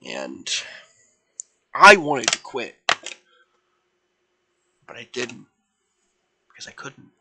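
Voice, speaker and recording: A man voicing a kind, perceptive male ice cream genie in his own plain voice, speaking softly and caringly. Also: medium pitch, wildly swooping pitch, drawn-out words, pauses often, very noisy, heavily acted. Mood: sympathetic. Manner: gentle, soft-spoken and caring.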